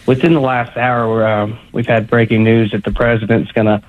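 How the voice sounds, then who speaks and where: A man's voice: mid-range voice, level tone, normal speed. Guy calling in, polite, earnest, tinny phone sound. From Northeast Tennessee. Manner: polite, earnest, hesitant ums. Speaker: caller. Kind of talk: call-in radio question.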